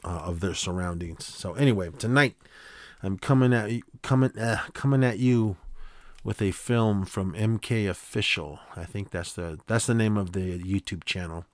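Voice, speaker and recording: A man's voice: on the low side, normal speed, no echo. A man hosting a podcast, casually recapping a short film in a rambling way, with frequent fillers and restarts. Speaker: podcast host.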